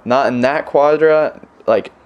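A man's voice: medium pitch, takes it slowly, dull audio. Rambling young man full of "like"s. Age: young adult. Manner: rambling, filler-heavy storytelling with many "like"s. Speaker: missionary. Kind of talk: casual recorded message to family.

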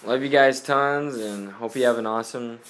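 A young man talks through his week in a loose, rambling way, dropping "like" into nearly every phrase and laughing often. His voice sounds a little stuffy from a cold, with a medium pitch. Faint noise sits under the recording. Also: moderate pace, fairly bright tone. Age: young adult. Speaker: missionary. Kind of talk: casual spoken update to family.

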